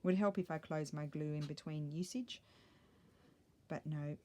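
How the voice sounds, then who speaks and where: A woman's voice: low voice, a little slow, warm tone. A middle-aged woman chatting casually while she crafts, thinking aloud and muttering little asides to herself. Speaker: craft vlogger.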